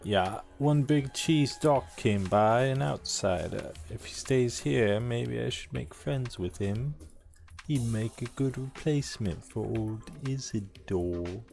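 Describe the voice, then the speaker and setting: A man's voice: medium pitch, takes it slowly, gravelly, a little mellow. A man voicing a gossipy, sly male townsman with a mock British accent and slangy, folksy talk. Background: game music.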